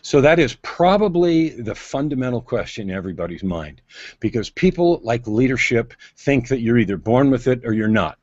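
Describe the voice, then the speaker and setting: A man with a husky voice coaches and tells stories on a video call, leaning on drama and sudden changes of pace. The audio is muffled and lo-fi. It sounds dry and close. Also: medium pitch, lively intonation, normal speed, no room sound. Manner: dramatic, emphatic, varies pace for effect. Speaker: guest on-camera presence coach. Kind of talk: animated storytelling interview. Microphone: video call mic.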